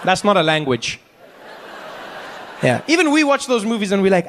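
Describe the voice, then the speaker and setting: Man, South African accent, stand-up comedian, high-pitched, animated storytelling, live stage mic, faint noise behind. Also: normal speed. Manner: animated storytelling, acts out characters with big voice jumps. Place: stage before a live audience.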